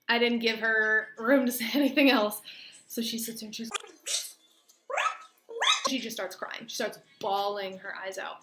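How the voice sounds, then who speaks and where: This vlogger, a young adult woman, has a slightly high, fairly bright voice. Her personal story comes out in chatty, casual storytime fashion, loaded with "like," and the recording carries roomy echo and faint room noise.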